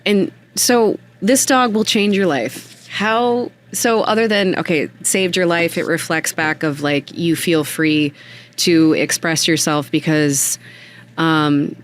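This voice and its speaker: A woman hosting a casual interview, rambling with many fillers and acting out quoted voices in a much higher pitch. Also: steady tone, slow pace, a little hiss or hum. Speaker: podcast host.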